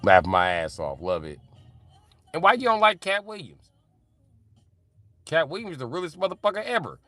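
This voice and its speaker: A man streaming live and reading chat aloud, in loose, animated, profane banter with frequent laughter. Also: on the high side, moderate pace, no echo.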